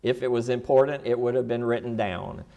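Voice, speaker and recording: A man's voice: mid-range voice, brisk, gravelly, dark tone. A man teaching a Bible class in a church classroom, casually quizzing his students. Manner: asks the class questions, folksy and casual.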